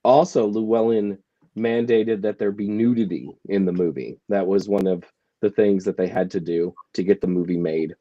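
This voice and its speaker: A lower-pitched man chats on a panel, laying out facts in an explaining tone with wry asides. His recording sounds dull and lo-fi, with a close, dry sound. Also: fairly even intonation, normal speed, mellow, no echo. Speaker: author and panel regular. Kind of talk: casual panel chat.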